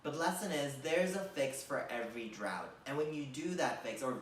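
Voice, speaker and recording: A man's voice: mid-range voice, lively intonation, moderate pace, roomy sound, far from the mic, a little hiss or hum. A man doing a comedic monologue, rambling with lots of fillers and mock-gushing sarcasm.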